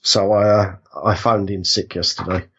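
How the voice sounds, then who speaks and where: A man's voice: on the low side, flat delivery, unhurried, a bit bright, husky, lo-fi sound. A man with a British accent and a cold, chatting casually as a podcast guest in an easygoing, chuckling way. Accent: British English. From England. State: has a cold. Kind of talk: casual chat.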